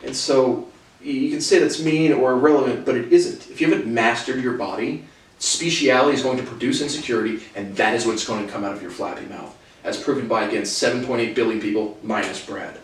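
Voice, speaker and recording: A man's voice: mid-range voice, fairly quick, a little hiss or hum. Blunt guy rambling solo, cussing a lot, sounds far off the mic in a really echoey room. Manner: blunt, profane, repeats "again" and restarts. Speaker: solo commentator.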